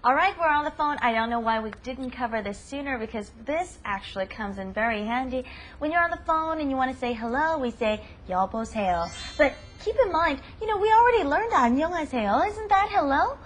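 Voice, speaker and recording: A woman hosting a language lesson, upbeat and emphatic, drilling words slowly. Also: high-pitched, animated, faint music behind. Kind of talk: upbeat teaching.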